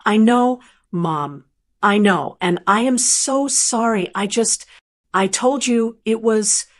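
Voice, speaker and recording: Speaking slowly, a woman reads the part of an anxious grown son, rambling and pleading in a defensive mood. She pitches these lines a bit higher than her narration.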